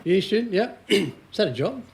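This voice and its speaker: A man's voice: high voice, very animated, fairly quick, gravelly, background noise. A middle-aged Australian man with an Australian accent, giving a joking, storytelling motivational talk to a small audience. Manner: jokey, storytelling, laughs often. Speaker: motivational speaker.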